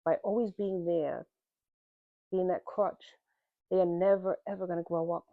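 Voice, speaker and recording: A woman with a low voice gives a tarot reading straight to the viewer, direct and plain-spoken. Her sound is thin and tinny, like it is coming through a phone, and the room has almost no echo. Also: steady tone, moderate pace. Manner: direct, plain-spoken, calls the listener "man" and "honey". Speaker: tarot reader.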